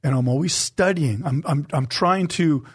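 A man with a somewhat high voice, sharing a personal testimony on a Christian talk show. He is earnest and emotional, and he slows down and drops his volume to stress the points that matter to him. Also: husky.

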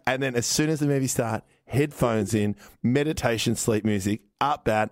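Medium in pitch and fairly even in tone, this Australian podcast host in his thirties talks a little fast with hardly any pauses. He rambles through casual stories loaded with filler words, and there's no echo.

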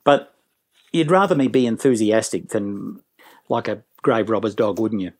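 A man's voice: fairly low pitch, expressive, moderate pace. An enthusiastic man, a business trainer telling jokey stories as an interview guest. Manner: enthusiastic, jokey, puts on voices.

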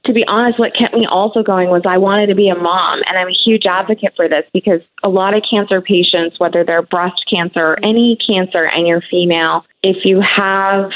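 A woman's voice: medium pitch, steady tone, fairly quick, few pauses. A woman in her thirties, a guest on a talk show, speaking candidly in a conversational way with many fillers. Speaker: guest sharing her cancer story. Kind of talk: emotional interview conversation. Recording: tinny phone-like radio audio.

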